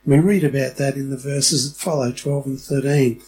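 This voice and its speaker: A man's voice: medium pitch, steady tone, normal speed, a little mellow, soft background music, rough recording. A middle-aged man preaching a sermon in a church, chatty and often asking the congregation questions. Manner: conversational, asks the congregation questions. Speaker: pastor.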